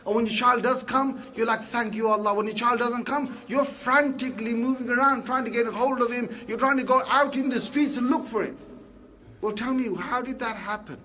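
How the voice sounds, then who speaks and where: A man giving a Friday sermon, talking in a lively, conversational way and asking the congregation rhetorical questions. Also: very high-pitched, fairly quick. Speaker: preacher.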